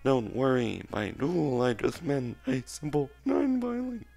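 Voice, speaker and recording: A man voicing a jock robot frog villager in a slow, breathy, robotic drone. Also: mid-range voice, wildly swooping pitch, mellow, voice pushed up, exaggerated voice.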